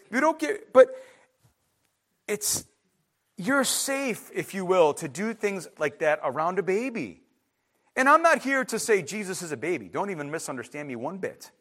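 A man's voice: fairly high pitch, a bit bright. A man preaching a sermon in an emphatic, conversational way, with frequent restarts and asides to the congregation. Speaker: pastor.

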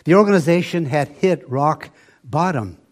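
Older preacher, slow and emphatic. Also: male voice, animated. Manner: slow, emphatic preaching with dramatic drops to a soft, low voice. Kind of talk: sermon.

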